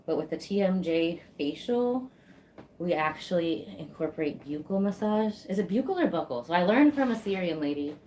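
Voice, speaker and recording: A woman's voice: lowish voice, lively intonation, moderate pace, a little mellow, slight background noise. A woman practitioner chatting casually while she gives a face sculpting massage, swearing easily and laughing.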